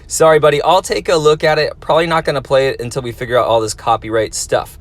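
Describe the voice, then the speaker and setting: A teacher who hosts a YouTube channel reads viewer comments aloud in a casual chat, speaking fast in a fairly high voice with mostly even intonation. He comes across as friendly and encouraging, talking to kids.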